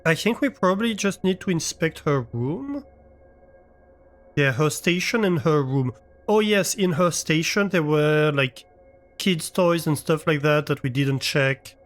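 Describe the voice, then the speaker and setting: Male streamer, slightly raised pitch, unhurried, thinks aloud and chats with viewers. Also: lively intonation, soft background music. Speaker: live streamer. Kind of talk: casual chat while playing a game. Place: his own room at home.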